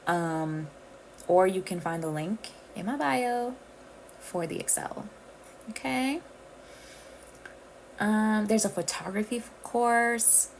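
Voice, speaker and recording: A Caribbean woman with a medium-pitched voice hosts a casual livestream, chatting directly with her viewers and calling them y'all. The recording is low quality, with a little hiss or hum.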